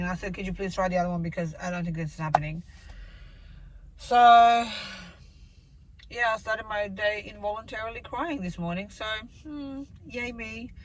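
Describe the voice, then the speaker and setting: A woman's voice: fairly high pitch, fairly bright tone, rough recording. A woman in her thirties telling a rambling, emotional story straight to camera in a casual vlog update. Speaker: vlogger.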